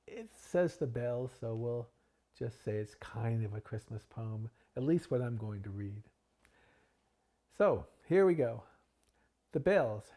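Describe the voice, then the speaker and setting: Male host for a poetry reading, mid-pitched, dramatic delivery that swells on the refrains. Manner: builds volume and pitch on repeated refrains, drops low and soft for asides. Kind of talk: dramatic poetry reading with chatty intro and outro.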